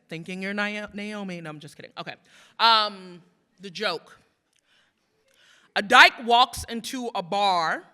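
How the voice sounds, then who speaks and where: A woman with a sharp, medium-pitched voice gives a live poetry reading before an audience at a museum event. She mixes playful, self-teasing banter with rhythmic spoken-word poems that build as they go.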